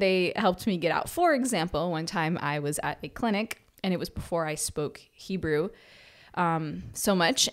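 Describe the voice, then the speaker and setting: A young American woman in her twenties, a podcast guest telling animated personal anecdotes. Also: fairly low pitch. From United States. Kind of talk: podcast interview storytelling.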